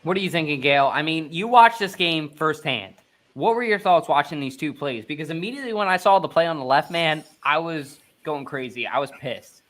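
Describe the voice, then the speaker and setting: An excitable young man hosts a casual sports podcast in a bright, forceful voice. He jokes and hypes up his guests. His voice sits fairly high for a man. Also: brisk. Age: 20s. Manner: excitable, joking, hype-man energy. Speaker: podcast host.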